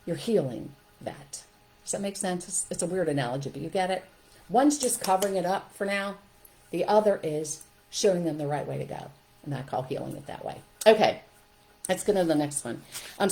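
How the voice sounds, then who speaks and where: A woman's voice: on the low side, moderate pace, mellow, low-quality recording. A middle-aged woman hosting a casual teaching talk for parents, acting out scolding and soothing phrases as examples. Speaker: childcare trainer and podcast host.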